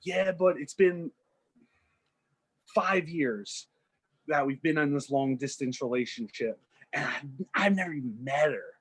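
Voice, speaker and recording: A young man co-hosting a podcast, telling a made-up story in a loose, rambling way and slipping into quick character voices. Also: on the high side, a bit bright, husky. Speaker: podcast co-host. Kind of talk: casual storytelling chat.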